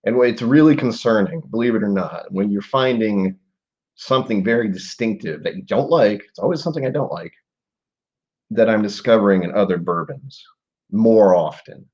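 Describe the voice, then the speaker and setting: A man in his forties with a low, husky voice chats casually on a live stream, thinking out loud and drifting into trailing asides. The stream audio is dull and lo-fi. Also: normal speed. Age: 40s. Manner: musing aloud, rambling with trailing asides. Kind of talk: casual live-stream whiskey tasting chat.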